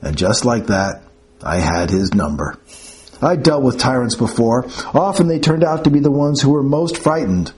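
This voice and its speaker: Lively, wry male audiobook narrator. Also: medium pitch, moderate pace. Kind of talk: first-person audiobook narration.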